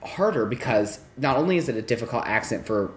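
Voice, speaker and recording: A man's voice: mid-range voice, lively intonation, brisk. A man who acts in a radio comedy show, chatting casually with a fellow cast member and laughing often. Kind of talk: casual chat.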